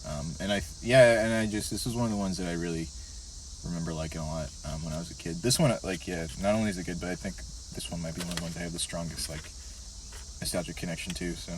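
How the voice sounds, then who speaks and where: A young man co-hosting a casual podcast, reviewing songs in a profane, rambling, animated way. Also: low-pitched, fast. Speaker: podcast co-host. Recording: distant mic with faint background noise.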